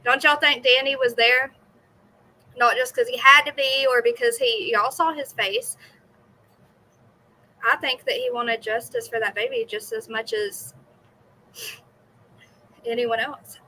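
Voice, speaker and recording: A woman's voice: a little high, fairly even intonation, unhurried, pauses often, sharp tone, slight background noise, rough recording. A young woman streaming from home, giving chatty, indignant commentary on a trial and talking straight to her viewers. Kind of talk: casual live commentary.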